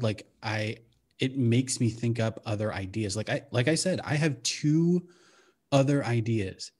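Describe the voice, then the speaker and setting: Give me a hesitant man with a lowish voice, chatting as a guest. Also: darkish tone. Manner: hesitant, restarts often, laughs along. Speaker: guest player. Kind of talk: casual chat.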